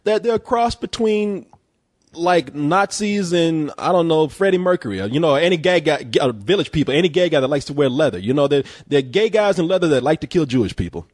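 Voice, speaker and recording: A man's voice: on the high side, expressive, fairly quick, no echo, studio quality. Joking, foul-mouthed male podcast host. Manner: profane, joking, laughs often. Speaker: podcast host reviewing a game. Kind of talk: casual podcast banter.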